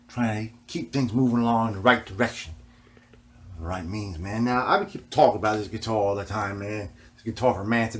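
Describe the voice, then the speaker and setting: Rambling profane man saying "man" constantly. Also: on the low side. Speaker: vlogger. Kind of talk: casual rambling vlog talk.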